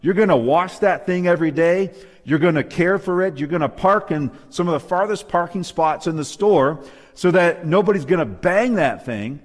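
Male preacher, slightly raised pitch, emphatic sermon style, lingering hall reverb. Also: moderate pace. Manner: emphatic, rhetorical questions, calls for amen. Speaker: preacher co-leading a Bible lesson. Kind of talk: sermon-style Bible study. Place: church hall with live and online audience.

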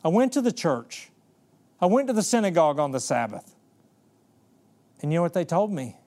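A desperate sick man pleading earnestly to be healed, as a preacher puts him on. The man's voice sits a little high. The retelling stays close to the preacher's own voice. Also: very animated, normal speed, darkish tone. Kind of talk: sermon storytelling.

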